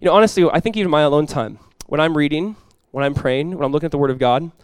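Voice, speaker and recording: A male pastor preaching at a rapid clip, with a slightly high voice. He talks in a casual, animated way and slips into quick voiced asides. The sound is dry and close. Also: smooth, no echo. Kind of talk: sermon.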